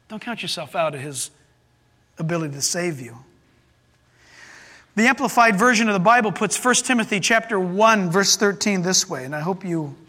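A man preaches in a very high, sharp voice. He quotes scripture with emphasis and keeps turning to the congregation with rhetorical questions. His words ring out with a long reverb in a large sanctuary. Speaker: pastor. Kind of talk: sermon.

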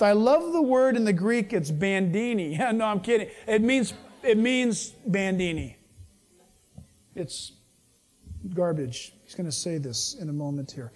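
A man's voice: high voice, animated, measured pace, darkish tone. A man preaching a sermon in a conversational, jokey way, acting out dialogue as he teaches.

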